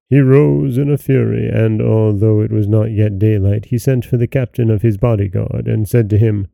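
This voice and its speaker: A man narrating a fairy tale as a podcast host, in a measured, expressive way. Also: fairly low pitch, gravelly, no echo. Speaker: storyteller host.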